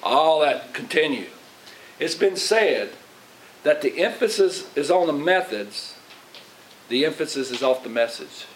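Man, middle-aged pastor, rambling folksy sermon, rather high-pitched, faint hiss. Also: lively intonation, measured pace, rough recording. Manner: folksy, rambling, asks the congregation questions.

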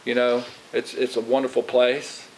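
A man's voice: medium pitch, completely flat delivery, moderate pace, low-quality recording. A middle-aged man, a pastor preaching in a folksy, rambling way and asking his congregation questions. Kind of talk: sermon. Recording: faint hiss.

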